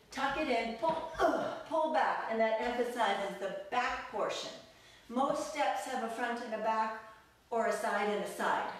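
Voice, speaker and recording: Upbeat woman counting dance steps. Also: a little high. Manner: counts steps aloud, upbeat and playful, laughs often. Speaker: belly dance teacher. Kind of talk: live online dance class instruction. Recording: echoey room, mic far off.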